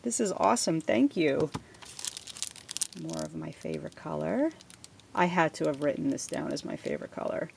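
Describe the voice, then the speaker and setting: A woman with a gravelly, slightly low voice gushes over each item as she unboxes a gift package at her home desk. Her home recording has steady background noise, with paper crinkling behind her words. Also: moderate pace, long pauses. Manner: gushing, effusive thanks. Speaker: crafting vlogger.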